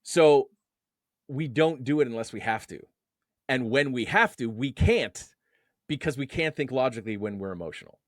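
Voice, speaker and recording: A man's voice: mid-range voice, normal speed, dry recording. A man talking as an interview guest in a mid-range voice. He explains his ideas through homely analogies and pushes up on the words he wants to land. The sound is close and dry. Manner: explains through everyday analogies, animated lift on key words. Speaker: guest, men's emotional coach. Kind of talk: conversational interview.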